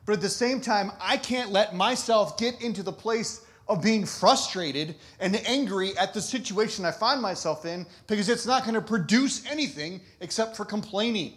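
A man with a notably high-pitched voice delivers a sermon in a loose, conversational way. He laughs often and breaks off mid-thought to start sentences over. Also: normal speed, hardly any pauses, a bit bright. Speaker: pastor.

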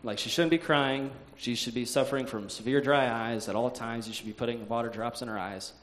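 A man telling a personal faith story in a halting way, with frequent "uh"s, sighs and restarts. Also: mid-range voice, fairly even intonation, a little hiss or hum.

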